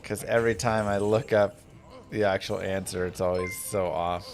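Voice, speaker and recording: A man's voice: deep voice, steady tone, normal speed. A man streaming a game, chatting in a wry, casual way and answering messages. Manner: wry, chatty, talks back to alerts. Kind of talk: casual gaming commentary.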